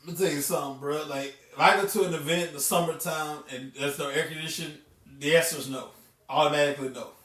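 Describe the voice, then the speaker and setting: A man co-hosting a relaxed podcast. His slightly raised voice comes across easygoing. It sounds roomy and set back from the microphone. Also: on the high side, quick pace. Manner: laid-back, wraps up the show. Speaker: podcast co-host. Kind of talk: casual chat. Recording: echoey room, distant mic.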